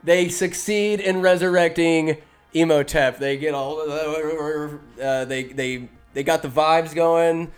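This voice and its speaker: Over soft background music, a man with a fairly high, smooth voice runs through a film scene by scene in a casual, fast, animated way, tossing in quick character impressions.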